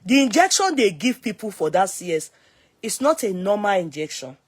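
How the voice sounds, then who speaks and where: A woman's voice: mid-range voice, normal speed, husky. A woman in her thirties with a Nigerian accent, casually and dramatically telling her own story to the camera. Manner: dramatic, expressive retelling.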